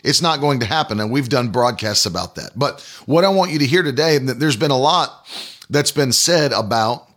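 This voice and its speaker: A man's voice: mid-range voice, animated, moderate pace, a bit bright. A man hosting a prophecy broadcast, speaking to listeners in an indignant, rambling way, repeating himself with many fillers. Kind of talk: spoken commentary to listeners.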